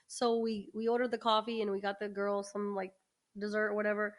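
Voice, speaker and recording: A woman co-hosting a podcast, telling a personal story in a chatty, animated way with quick restarts and asides. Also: medium pitch. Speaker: podcast co-host. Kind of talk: casual storytelling.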